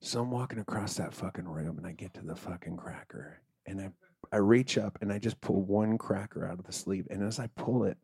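A man telling a comic story in a loose, profane, animated way, acting out the characters. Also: sits low, fairly quick, husky, no echo, clean studio sound. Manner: profane, animated, acts out voices.

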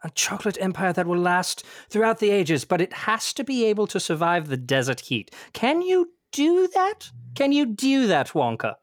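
A man's voice: sits high, big pitch swings, normal speed, few pauses, no echo, clean studio sound. A man improvising a pompous Indian prince who speaks in a put-on posh British accent, haughty and theatrical, often cracking up. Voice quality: theatrical, haughty, breaks into laughter. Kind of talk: improv comedy role-play.

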